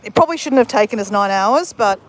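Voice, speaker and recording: A woman's voice: medium pitch, lively intonation, fast. A woman chatting on a live stream outdoors on a beach, rambling and answering viewers as she talks. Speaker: vlogger. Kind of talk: casual live-stream chat. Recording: wind buffeting the mic outdoors.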